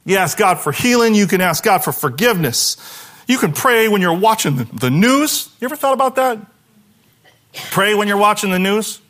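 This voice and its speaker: A man preaching a sermon to his church, animated, dropping to a hushed voice when he voices a prayer. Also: sits high, moderate pace. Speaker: pastor.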